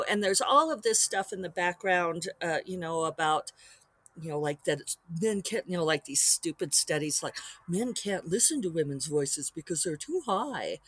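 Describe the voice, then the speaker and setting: A woman author talking through her work on her own podcast in a chatty, rambling way, with quick asides. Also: on the low side, fairly bright tone, no echo. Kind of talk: casual solo podcast monologue.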